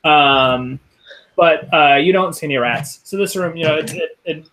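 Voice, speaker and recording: A man narrating as game master of a tabletop game, halting with many ums and restarts. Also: fairly high pitch, a bit bright, slight background noise, low-quality recording.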